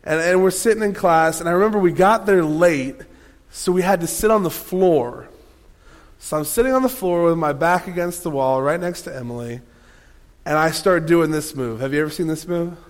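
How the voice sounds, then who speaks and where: A man preaching a sermon, telling a lively personal story with playful asides to the congregation. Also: a little high, normal speed. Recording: long hall reverb.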